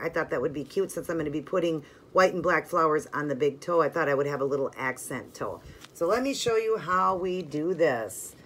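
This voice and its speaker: A woman hosting a nail art channel, talking casually step by step through her work with lots of "like" and "you know". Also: fairly low pitch. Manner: chatty and friendly, filler-heavy ("like", "you know"); instructive, talks while working hands-on. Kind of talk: casual step-by-step tutorial narration.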